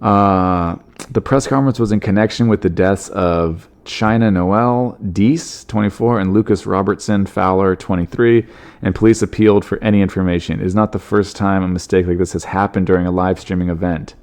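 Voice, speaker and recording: Male podcast host, dark and gravelly voice, fairly low, wry jokes about the news. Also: fairly even intonation, normal speed. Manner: wry, joking asides, laughs at his own bits. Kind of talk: comedic news commentary.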